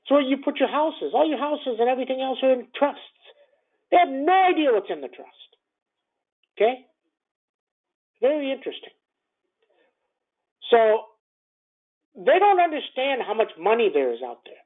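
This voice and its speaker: A man runs through a morning market call in a blunt, animated way, looping back on phrases and firing off rhetorical questions. His voice swings up and down in pitch. The sound is thin and phone-like. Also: moderate pace, long pauses. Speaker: stock trading commentator. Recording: tinny phone-line sound.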